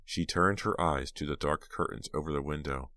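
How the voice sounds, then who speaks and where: Very deep-voiced male audiobook narrator. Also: bright, forceful tone, no echo, studio quality. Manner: measured storytelling. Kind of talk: scripted narration.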